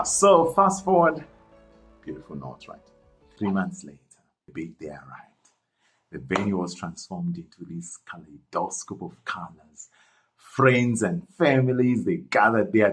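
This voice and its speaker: A man narrating a storytime story in an animated, chatty way, talking straight to viewers. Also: deep voice, measured pace, soft background music, low-quality recording.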